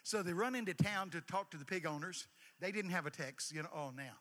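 An older man preaching a lively sermon in a church, his voice high for a man and ringing bright. He swings between quiet asides and sudden shouted bursts, and the sound carries a long hall reverb. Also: brisk.

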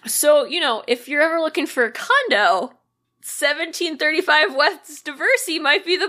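A woman's voice: high voice, lively intonation, moderate pace, bright, forceful tone. A woman co-hosting a podcast, casually recounting a true crime ghost story with lots of fillers. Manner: conversational storytelling with many fillers and "like". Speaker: podcast co-host.

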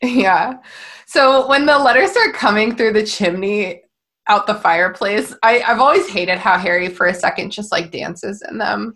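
A woman's voice: medium pitch, normal speed, a bit bright. A woman co-hosting a podcast, chatting casually about a film, laughing often and swearing now and then. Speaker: podcast co-host.

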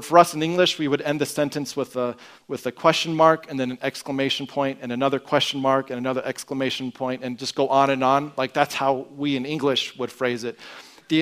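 A man preaching a sermon in an earnest way, often dropping to a quiet emphasis at the ends of phrases. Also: a little high. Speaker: pastor.

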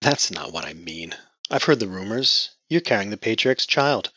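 A man's voice: on the low side, lively intonation, normal speed, sharp tone, husky, no echo, lo-fi sound, heavily acted. A man voicing a bitter, sullen young woman who speaks with snappish sarcasm. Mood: sarcastic.

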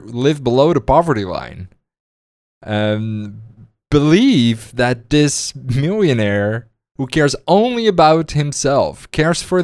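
A man in casual political chat, sarcastic and halting, often laughing as he talks. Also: medium pitch, darkish tone, no room sound.

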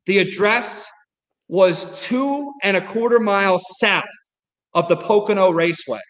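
A man with a high voice tells a comedy road story in a loose, rambling podcast chat, filling his sentences with "like". His voice carries some lingering reverb from the room. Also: measured pace, fairly bright tone. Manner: storytelling, many "like" fillers. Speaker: comedy producer and guest.

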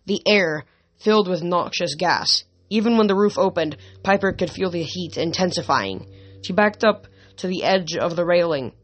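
In an amateur audiobook style, a narrator reads a fantasy novel at an even pitch. Occasional slips crop up and get corrected mid-sentence as the reading moves along.

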